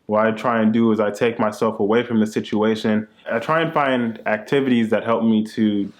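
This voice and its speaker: Laid-back young man, low voice. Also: steady tone, a little fast. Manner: laid-back, joking, says "man" often. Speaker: co-host, husband. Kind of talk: casual couple chat.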